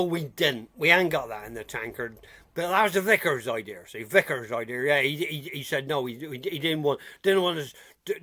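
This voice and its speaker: A man's voice: fairly high pitch, fairly bright tone. A man playing a chatty, giggly old countryman with rheumatism, rambling folksy gossip and repeating himself in a comic character video.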